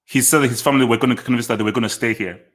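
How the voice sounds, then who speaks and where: A medium-pitched man speaks rapid-fire in a steady, slightly bright tone as host of a football channel doing casual live reactions. He thinks aloud, says short phrases again and keeps restarting sentences.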